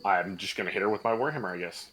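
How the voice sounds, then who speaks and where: A man playing a tabletop game, joking and blurting out his attacks in quick bursts. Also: low-pitched, fairly bright tone, slight background noise, poor audio. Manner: jokey, rushed bursts. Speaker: player. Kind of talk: casual tabletop play.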